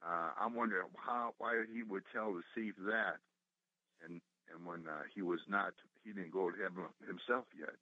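A man's voice: sits low, fairly even intonation, normal speed, pushed and bright, dry recording. A man calling in to a radio show who asks a Bible question hesitantly, stumbling and restarting as he searches for words. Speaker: caller. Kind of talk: phone-in question. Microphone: telephone. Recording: dull phone-line audio.

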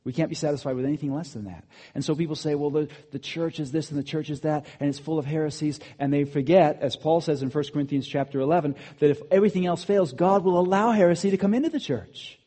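A man preaching a sermon, swinging between loud, emphatic bursts and quiet asides. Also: fairly high pitch, quick pace, few pauses. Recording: long hall reverb.

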